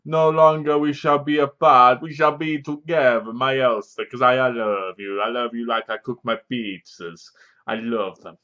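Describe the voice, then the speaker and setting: A lovesick undead puppet master, as a man puts him on, doting and theatrical. The pitch sits in a middling range. The sound is somewhat dull and lo-fi. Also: steady tone, normal speed, sharp tone, natural voice. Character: obsessed undead old male puppet maker.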